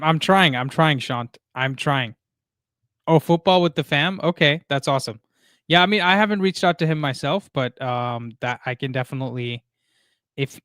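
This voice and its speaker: A man hosting a live stream chats easily and reads out viewer messages. His voice is smooth and clear, recorded dry on a close streaming mic, and he often pauses with "uh" and "um" as he goes. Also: mid-range voice, dry recording. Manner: relaxed, reads chat messages aloud, many fillers. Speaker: livestream host. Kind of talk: casual live stream chat.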